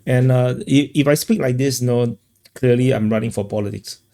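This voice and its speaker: A man hosting a casual commentary, talking in a halting way with many fillers and restarts. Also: medium pitch, gravelly, mellow. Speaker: commentator host.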